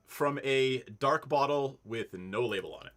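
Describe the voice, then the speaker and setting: A man's voice: mid-range voice, unhurried, fairly bright tone. A man narrating as dungeon master in a casual tabletop game, laid-back and swearing now and then.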